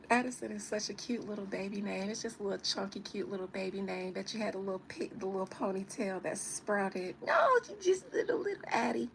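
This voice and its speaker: A woman's voice: mid-range voice, flat delivery, brisk, creaky, few pauses, slight background noise, poor audio. A woman giving a casual live-stream reading, chatting and teasing as she answers viewer comments. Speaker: tarot reader on a live stream.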